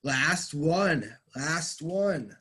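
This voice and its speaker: A man teaching an English class, explaining words patiently and clearly and praising his students. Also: on the high side, animated, extremely slow, sharp tone. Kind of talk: online class recap.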